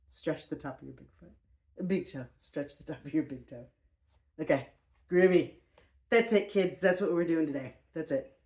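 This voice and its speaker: A woman's voice: on the low side, a little mellow. A woman teaching a yoga class for the feet, talking the viewer through each move in a playful, chatty way with jokey asides. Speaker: yoga instructor. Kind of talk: guided exercise instruction.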